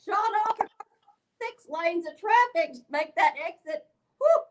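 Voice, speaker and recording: Playful high-voiced woman on a noisy call. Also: lively intonation, measured pace, distant mic. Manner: playful, drawling, affectionate. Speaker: guest on a live stream. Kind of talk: casual video-call chat.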